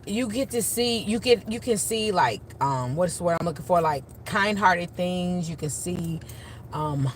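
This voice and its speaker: A woman who works in childcare vlogs casual stories to the camera, animated and emphatic, leaning on "literally" and "you know" while acting out her own comebacks. Her voice is on the low side, with slight background noise.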